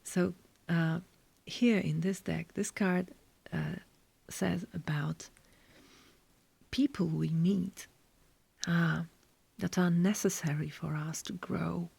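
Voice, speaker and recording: Slow, gravelly whispering tarot reader woman. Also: on the low side, fairly even intonation. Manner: slow, soft, gently whispered delivery. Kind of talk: tarot reading, soft whispering.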